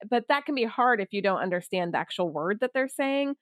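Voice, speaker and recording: A woman hosting a podcast, telling stories in an animated, chatty way and laughing often. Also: mid-range voice, brisk, no echo, clean studio sound. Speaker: podcast host. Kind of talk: conversational interview.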